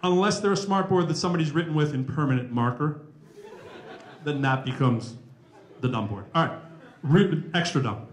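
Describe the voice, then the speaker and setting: A man giving a lively, joking talk to a college audience, speaking into a handheld mic. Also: fairly high pitch, normal speed, pauses often. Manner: joking, animated, chatty. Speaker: rapper and math professor giving a talk. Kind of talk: lively campus talk with humor. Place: college hall, echoey. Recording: echoey room.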